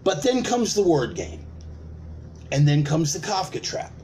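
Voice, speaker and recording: Animated, profane ranting preacher man. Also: on the high side, unhurried, a little hiss or hum. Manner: profane, emphatic, uses repetition and rhetorical questions. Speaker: preacher of an online sermon. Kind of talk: ranting sermon.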